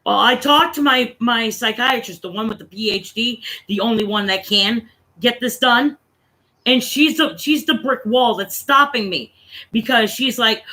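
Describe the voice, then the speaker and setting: A woman's voice: a little high, measured pace, bright, forceful tone. A woman from Connecticut venting in a casual, rambling, profane chat on her own stream. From Connecticut, USA. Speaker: livestream host.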